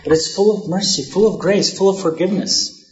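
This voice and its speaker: A man preaching a sermon in a conversational way, often pausing on asides and rhetorical questions. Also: high-pitched, echoey room, lo-fi sound. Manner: conversational preaching with frequent "you know" asides. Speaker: pastor.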